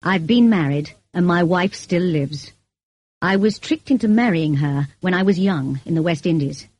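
A woman reading the lines of a brooding, commanding middle-aged gentleman in an audiobook, curt and bitter in manner. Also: moderate pace, slightly rough, dry recording. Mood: stern. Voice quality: deep, growling.

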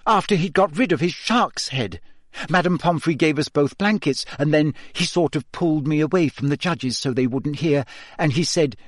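A man voicing a clever, bossy teenage schoolgirl witch in an audiobook, speaking briskly and sharply. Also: fairly high pitch, dry recording, clean studio sound, lightly acted. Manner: brisk, sharp and quick to snap.

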